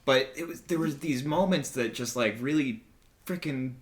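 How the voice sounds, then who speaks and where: Young guy on a podcast, earnest, says like a lot, middle pitch. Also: normal speed. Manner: earnest, lots of "like" and "um" fillers. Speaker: podcast co-host. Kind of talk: casual chat.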